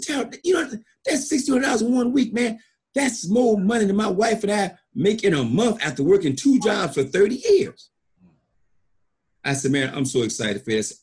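A man's voice: fairly high pitch, expressive, a little fast, breathy edge. A middle-aged man, a network marketing leader, giving an emphatic motivational talk and acting out stories with repeated phrases. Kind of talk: motivational storytelling.

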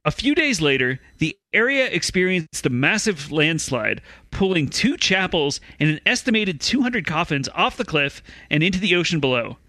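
Bright, lively male host reading news for a comedy podcast. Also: a little high, moderate pace, hardly any pauses, dry recording. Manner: reads stories, then prompts co-hosts.

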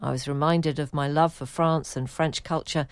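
A woman's voice: deep voice, steady tone, moderate pace, clear, resonant tone, dry recording. A woman hosting a chat podcast and reading out listener emails, with a dry, playful manner. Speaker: podcast host.

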